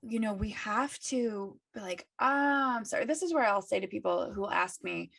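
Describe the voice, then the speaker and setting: A woman's voice: mid-range voice, lively intonation, normal speed, creaky, fairly bright tone, husky, no echo, clean studio sound. A woman co-hosting a spiritual podcast, talking earnestly and encouragingly. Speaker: podcast co-host. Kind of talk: casual spiritual chat.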